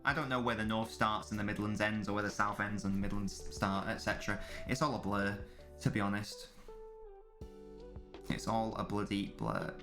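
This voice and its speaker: A man's voice: on the low side, expressive, normal speed, music in the background. A man hosting a live football watchalong stream, chatting casually with viewers and commentating on the match in a rambling way. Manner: rambling, chatty, many restarts, reads chat aloud.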